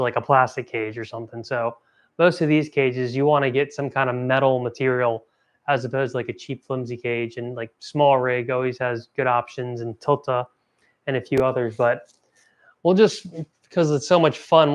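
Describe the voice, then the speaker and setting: A man's voice: medium pitch, smooth. A young man hosting a casual product review vlog, talking with rambling enthusiasm and correcting himself as he goes. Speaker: host.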